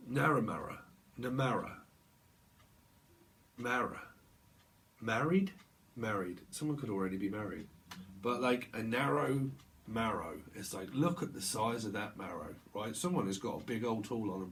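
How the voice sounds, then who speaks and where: A man's voice: mid-range voice, gravelly, slight background noise. A man giving a casual tarot reading on camera, rambling and playing with words. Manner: rambling, playful wordplay, laughs often. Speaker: tarot reader.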